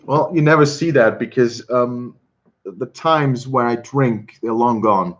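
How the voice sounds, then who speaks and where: A man hosts a relaxed livestream, reading comments and talking in a halting way. He often doubles back on his words and chuckles between thoughts. His voice sits at an ordinary middle pitch, and the stream audio sounds slightly dull. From Switzerland. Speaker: livestream host. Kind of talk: casual chat reading viewer comments.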